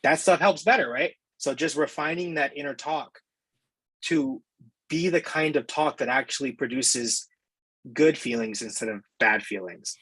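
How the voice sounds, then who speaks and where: Husky-voiced man, candid and reflective. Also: medium pitch, measured pace, fairly bright tone, dry recording, rough recording. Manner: reflective and candid, casual swearing. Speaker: interview guest. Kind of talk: casual interview chat.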